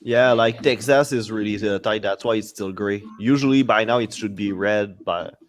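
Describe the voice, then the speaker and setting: A man's voice: fairly low pitch, moderate pace, slight background noise. A man making laid-back, hesitant remarks in a casual podcast chat among friends. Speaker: podcast co-host.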